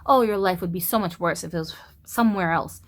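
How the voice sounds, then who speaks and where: A woman in her thirties from the United States, ranting and telling a story to camera in a blunt, profane, animated way. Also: fairly low pitch, fast. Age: 30s. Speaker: vlogger. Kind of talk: casual storytelling rant.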